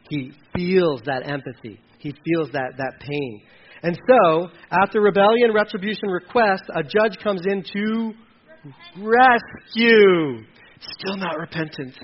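A man's voice: fairly high pitch, moderate pace, slightly rough, muffled recording. A man teaching a sermon in a conversational way, reading scripture aloud between plain explanations with fillers and restarts. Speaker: preacher.

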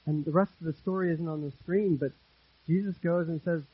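High-voiced husky pastor preaching earnestly. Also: male voice, fairly even intonation, brisk, no echo, muffled recording. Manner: earnest, repeats phrases for emphasis, swings between loud and hushed. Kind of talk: sermon.

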